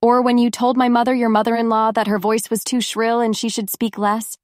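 Soft, composed wife, read by a woman. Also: on the high side, little pitch movement, a little fast, no echo, studio quality, natural voice. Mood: gentle firm. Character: calm, firm older woman reforming her husband.

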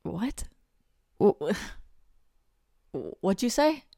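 A woman's voice: medium pitch, sing-song, extremely slow, creaky, mellow, no room sound, studio quality, full character voice. A young woman voicing a pregnant best friend who confesses her love in an audio role-play, talking emotionally with stammers and laughing through tears. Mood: stunned.

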